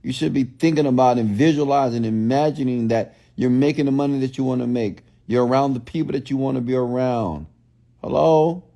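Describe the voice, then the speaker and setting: In a mid-range, dark-toned voice and at a brisk clip, a motivational speaker delivers a preachy, blunt talk before a live audience. Over and over he checks in with "does that make sense?", scolding as he goes.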